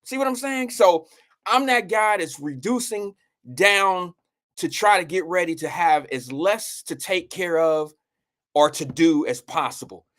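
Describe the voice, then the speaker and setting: A man's voice: high voice, unhurried, fairly bright tone. A middle-aged man hosting a live show, rambling candidly in casual chat and talking straight to his viewers by name. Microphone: live-stream microphone.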